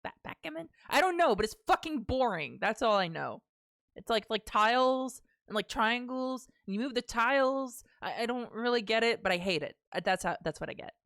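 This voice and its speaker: A woman's voice: on the high side, moderate pace, no echo, clean studio sound. A young woman streaming a game, chatting casually and joking with chat, often swearing. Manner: animated, profane, joking with chat. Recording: game music in background. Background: game music.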